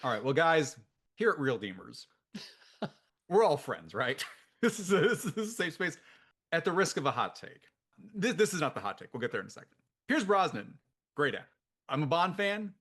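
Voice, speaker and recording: A man's voice: on the high side, sing-song, normal speed, long pauses, fairly bright tone, breathy edge. A man co-hosting a movie podcast, chatting casually and self-deprecatingly, often laughing at his own remarks. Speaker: podcast co-host. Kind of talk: casual film podcast chat.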